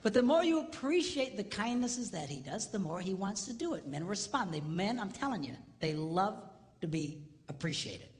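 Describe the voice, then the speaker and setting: A man's voice: high voice, normal speed. A middle-aged man giving a comedic marriage talk, telling stories with mock voices and punchlines. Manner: animated storyteller who mimics voices, jokes and punchlines. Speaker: marriage seminar speaker. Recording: long hall reverb, faint noise.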